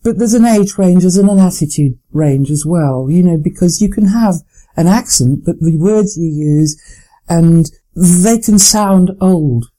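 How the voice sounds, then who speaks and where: A woman's voice: fairly low pitch, warm tone, rough recording. Articulate middle-aged woman announcer. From Lancashire, England. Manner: measured, articulate, hesitant restarts. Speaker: former continuity announcer, guest. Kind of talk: interview answers.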